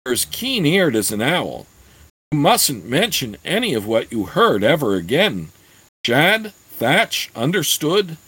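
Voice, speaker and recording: A man's voice: fairly high pitch, sing-song, measured pace, bright, forceful tone, breathy edge, voice pushed up, full character voice. A man doing a stern, fatherly bard. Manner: commanding, fatherly. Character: one-eyed bard, stern but kindly adult man.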